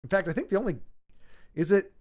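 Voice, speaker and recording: A man's voice: sits high, lively intonation, quick pace, a little mellow. Rambling chatty male streamer. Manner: rambling, chatty, reads chat messages aloud. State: voice a little worn. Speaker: livestream host. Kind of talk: casual livestream chat.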